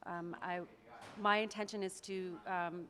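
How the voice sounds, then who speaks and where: A woman with a Canadian accent speaks as an accent coach, walking through pronunciation step by step. She sounds out sample words as she goes and laughs easily. Her voice sits on the lower side. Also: steady tone, measured pace, bright, forceful tone. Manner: explanatory, demonstrates words aloud, laughs often. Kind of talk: interview answers.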